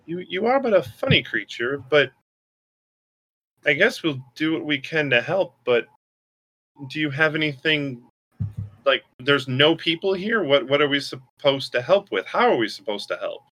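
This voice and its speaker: A man's voice: fairly high pitch, lively intonation, moderate pace, sharp tone, pitched above the performer's own voice, rough recording. A man voicing a puzzled adventurer who asks questions in a wary but willing way. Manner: baffled, questioning.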